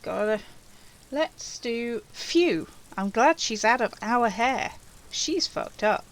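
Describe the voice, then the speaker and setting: Lady doing a let's play, slow and chatty, kinda high voice. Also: lively intonation. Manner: musing, chatty. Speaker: let's player. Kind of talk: reading game text aloud with commentary.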